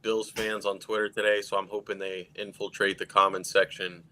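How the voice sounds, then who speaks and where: A laid-back man co-hosts a casual sports podcast and talks in an easygoing way. His voice sits fairly low. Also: level tone, moderate pace, bright, forceful tone, slight background noise. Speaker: podcast co-host.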